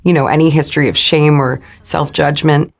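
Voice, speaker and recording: Actress guest, low voice, loose chatty laughter. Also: female voice, fairly even intonation, gravelly. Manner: laughs often, halting restarts. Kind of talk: casual interview chat.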